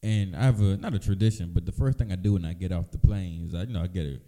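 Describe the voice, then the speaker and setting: A man's voice: low voice, quick pace. A man co-hosting a casual comedy podcast, telling stories with lots of laughter and swearing. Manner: animated storyteller, laughs often, swears freely. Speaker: podcast co-host.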